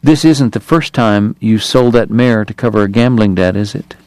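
A man voicing a cold Southern gunman who speaks softly, flatly and slowly with contempt. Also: fairly low pitch, dry recording, lightly acted. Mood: menacing. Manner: soft, flat, slow, contemptuous. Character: cold, menacing Southern gunman, quiet and courteous.

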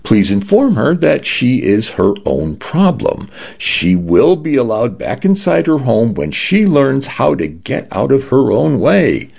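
Man doing a pleasant female AI voice, matter-of-fact, raised pitch, husky, lo-fi. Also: wildly swooping pitch, measured pace, hardly any pauses, a little mellow, heavily acted. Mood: pleasantly cold.

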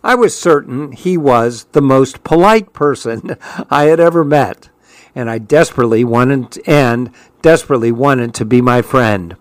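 Guy reading a story aloud, steady and even, dry close mic. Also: mid-range voice, a little slow, dry recording. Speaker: narrator. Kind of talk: audiobook narration.

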